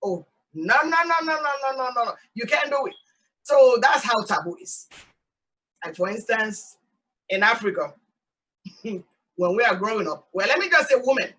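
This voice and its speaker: A Sierra Leonean woman hosts her show in a lively, emphatic way, piling up repeated no's. Her voice is high and bright, a little forceful. She sounds set back from the mic. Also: moderate pace, long pauses, recorded from a distance, low-quality recording. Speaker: host. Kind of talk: casual talk show monologue. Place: outdoors in hot sun.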